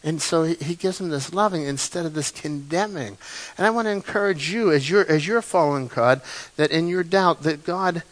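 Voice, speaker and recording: A male pastor preaching a sermon, telling the story dramatically and swinging between loud and quiet passages. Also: fairly high pitch, normal speed, poor audio. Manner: animated, dramatic storytelling with big swings in loudness.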